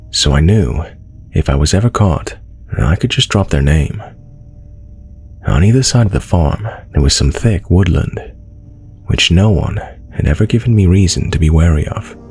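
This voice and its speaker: A man reads a first-person horror tale in a steady, measured way. His voice sits very low and carries a gravelly rasp. Soft music plays faintly behind him. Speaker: horror story narrator. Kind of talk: scripted first-person narration.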